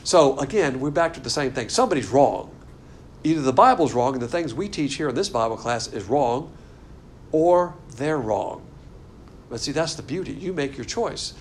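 A man teaching a Bible class in a room, lecturing in a sarcastic, animated and argumentative way. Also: medium pitch, normal speed, a little hiss or hum.

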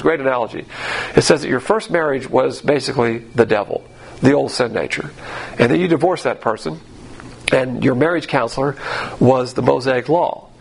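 A man's voice: medium pitch, creaky, slight background noise. A man teaching the Bible in a sermon, emphatic and sarcastic as he mocks the views he quotes.

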